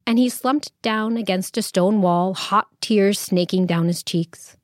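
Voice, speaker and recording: A woman storyteller reading a scripted children's story aloud in a lively, expressive way. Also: mid-range voice, measured pace, hardly any pauses, no room sound, clean studio sound.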